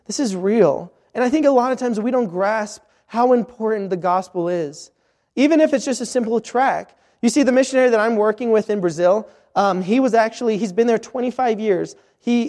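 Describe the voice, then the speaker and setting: A man's voice: sits high, a little mellow. A man preaching a sermon at a missions conference, earnest, often repeating words as he restarts his phrases. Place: church hall at a missions conference. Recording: reverberant hall.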